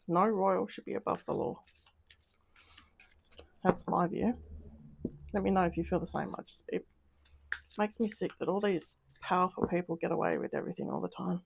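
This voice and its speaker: A woman's voice: lowish voice, animated, normal speed, gravelly, long pauses, a little mellow, a little hiss or hum. A woman doing a casual tarot reading, talking in an upset, emotional way with sighs and trailing sentences. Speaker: tarot reader.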